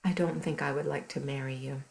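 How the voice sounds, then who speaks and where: A woman voicing a lonely, polite young princess in a storybook read aloud for children, speaking gently and courteously. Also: rumbling low, steady tone, brisk, gravelly, voice pushed down, rough recording.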